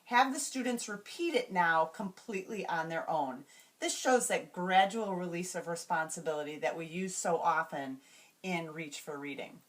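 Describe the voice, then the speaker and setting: A woman explaining classroom reading routines to teachers, slowly and carefully, and modeling each word sound by sound. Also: on the low side. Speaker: teacher trainer.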